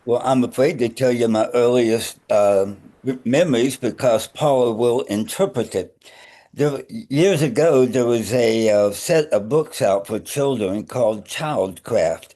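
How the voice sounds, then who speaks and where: An older man with a slight speech impediment, a minister telling stories on a radio show in a wry, deadpan way. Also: medium pitch, a little slow. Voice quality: slight speech impediment after tongue surgery. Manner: wry storyteller, deadpan humor. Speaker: minister and guest.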